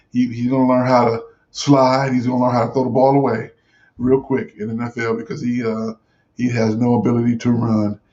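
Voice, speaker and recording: A man's voice: medium pitch, gravelly, a little mellow. A man hosting a sports talk show, giving casual, rambling commentary with many fillers and restarts. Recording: dull lo-fi recording.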